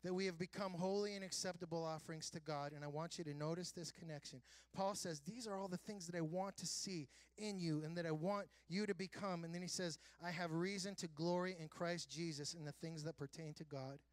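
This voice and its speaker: A man pastor preaching a sermon, earnest, with a self-described bent for sarcasm, climbing into loud emphatic passages. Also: on the high side, fairly even intonation, fairly quick, hardly any pauses, no echo.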